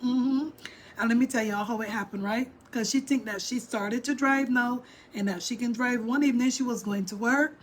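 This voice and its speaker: Animated middle-aged woman telling a story. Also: fairly high pitch, moderate pace, slight background noise. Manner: animated, emphatic, talks straight to viewers. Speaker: vlogger. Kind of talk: storytelling chat with viewers.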